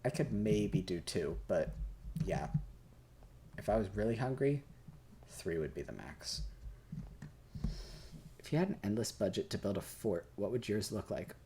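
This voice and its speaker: A young man, a bit drunk, talks loosely through questions while he plays, a lowish voice with a jokey, swearing ramble. Loud keyboard and mouse clicks run under everything he says. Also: lively intonation, unhurried, long pauses, a little hiss or hum. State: tipsy. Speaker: gaming host. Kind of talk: casual Q&A while playing a game.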